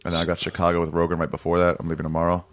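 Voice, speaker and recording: A comedian guest in casual conversation, stating blunt, matter-of-fact opinions. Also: male voice, low-pitched, completely flat delivery, rapid-fire, dry recording. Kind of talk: casual chat.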